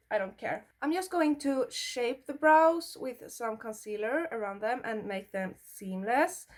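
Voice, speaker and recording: Slow-talking Swedish-accented woman. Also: a little high. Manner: blunt, swears freely, chatty. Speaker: beauty vlogger. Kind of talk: casual makeup tutorial chat.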